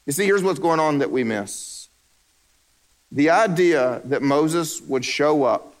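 A man preaching a sermon, animated and joking, who drops low and quiet for emphasis. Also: moderate pace. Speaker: pastor.

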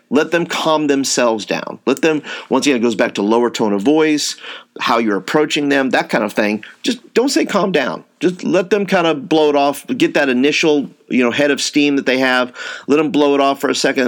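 A man giving an informal teaching talk to youth workers, going through numbered tips, acting out example dialogue with lots of fillers and restarts. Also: medium pitch. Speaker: youth ministry trainer.

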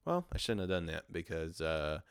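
A man hosting a solo podcast, rambling in a frustrated, swearing, low-energy way while talking into a portable recorder. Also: sing-song, moderate pace, smooth, no echo, studio quality. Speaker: podcast host. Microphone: handheld portable recorder.

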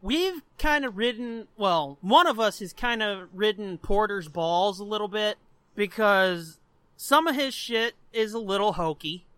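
A man's voice: sits high, animated, a little slow, fairly bright tone, clear, resonant tone, no echo. A man co-hosting a podcast who rants about a comic book in emphatic, profane casual chat. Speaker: podcast co-host.

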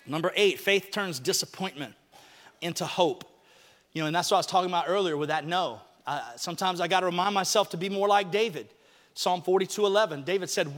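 A man preaching a lively sermon in church, acting out Bible stories in casual, slangy talk. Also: sits high, quick pace, long reverb tail, soft background music. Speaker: pastor.

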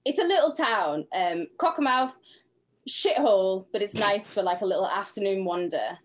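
A woman's voice: medium pitch, expressive, normal speed. Blunt, sweary Cumbrian woman. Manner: blunt, sweary, laughs a lot. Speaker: podcast co-host. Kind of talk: casual chat.

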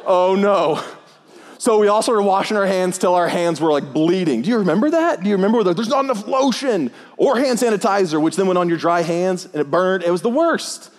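A pastor preaching a sermon in a church, telling jokes and stories in a playful, animated way. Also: male voice, sits high, quick pace, hardly any pauses. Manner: joking, animated storytelling with put-on voices. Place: church auditorium. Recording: long hall reverb.

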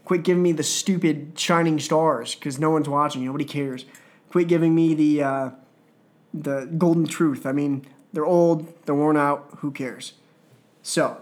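A man hosting a podcast, talking in a rambling, excited fan's way, full of asides and restarts. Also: fairly high pitch, a little slow. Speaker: wrestling podcast host. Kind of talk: casual podcast commentary.

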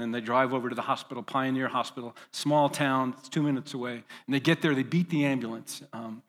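A man's voice: medium pitch, fairly bright tone, big-room sound. A man preaching as a pastor, vividly telling a long story with fillers and restarts. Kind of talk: storytelling sermon.

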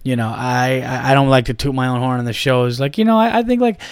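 A man's voice: medium pitch, quick pace, clear, resonant tone, no echo, studio quality. A man in his thirties hosting a solo podcast, ranting in a heated, profane, rambling way. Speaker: podcast host.

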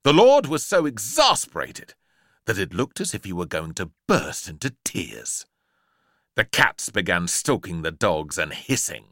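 A man reading a children's storybook aloud, lively and playful, punching out sound-effect words. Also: sits low, a little slow, no echo.

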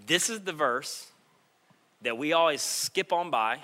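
A male pastor preaching a sermon, moving between quiet reflective passages and loud, impassioned stretches. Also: a little high, lively intonation, a little slow.

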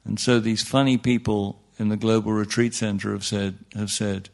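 A man's voice: on the low side, level tone, moderate pace, creaky, darkish tone. A man teaching meditation to a live audience in an informal talk, chatty and wry, often restarting sentences and asking the room questions. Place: speaking in front of a room of listeners.

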